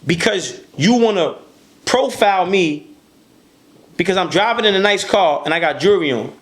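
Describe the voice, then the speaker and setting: Speaking at a normal speed, a high-voiced podcast guest tells a heated, profane story with plenty of animation. His words repeat and stack whenever he gets worked up.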